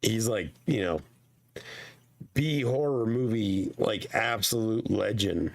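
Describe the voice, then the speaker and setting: Hoarse man with a gravelly, fading voice. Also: fairly low pitch, takes it slowly, no room sound. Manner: swears casually, laughs often. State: voice nearly gone, hoarse. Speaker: podcast guest. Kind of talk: casual chat.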